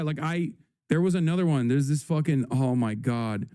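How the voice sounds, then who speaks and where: A male streamer rants hotly and swears freely while he reacts on his live stream. His voice sits a little high for a man, with a mellow, soft-edged tone. The sound is close and dry. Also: brisk, clean tone, no echo. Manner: profane, heated ranting. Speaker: livestream host.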